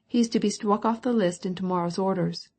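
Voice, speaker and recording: A woman's voice: medium pitch, brisk, darkish tone, natural voice. A woman reading the part of a hot-tempered male cavalry officer who blusters. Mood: blustering.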